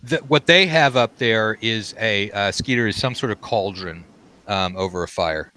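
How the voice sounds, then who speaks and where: Game master: man with a low, crisp voice, halting and relaxed, full of ums. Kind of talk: running a tabletop game.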